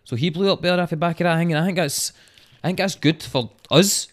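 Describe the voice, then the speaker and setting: A man's voice: a little high, brisk. A young Glaswegian man, a rapper guest, talking casually and animatedly with lots of swearing. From Scotland. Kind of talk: casual chat.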